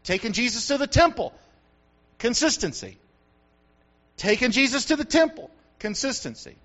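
A man's voice: extremely high pitch, big pitch swings, moderate pace, fairly bright tone, highs cut off. An older man from the United States, a grandfather and pastor, preaching a sermon with repetition and rising emphasis.

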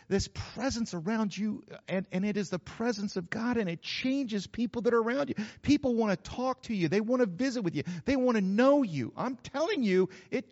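A man's voice: high-pitched, a little mellow, big-room sound, dull audio. An older man, preaching a sermon as pastor in an emphatic, repetitive, folksy way. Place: church.

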